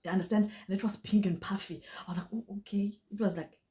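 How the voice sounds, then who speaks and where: A woman's voice: medium pitch, quick pace. A young woman with a South African Xhosa accent, chatting animatedly through a storytime vlog and often dropping into Xhosa. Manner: animated, switches into Xhosa, many restarts. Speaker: vlogger. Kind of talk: casual storytime chat.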